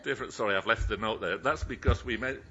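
A man's voice: lowish voice, quick pace, pushed and bright, a little hiss or hum. An older man preaching as a minister, chatty and rambling, breaking off his sentences and laughing at his own stories. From Yorkshire, England. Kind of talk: anecdotal sermon. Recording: dull lo-fi recording.

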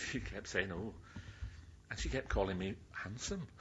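Slightly low-pitched and a bit bright, this older man from Yorkshire preaches at a measured pace, rambling through anecdotes, breaking off mid-sentence and chuckling at his own tales. The lo-fi recording sounds dull, with slight background noise.

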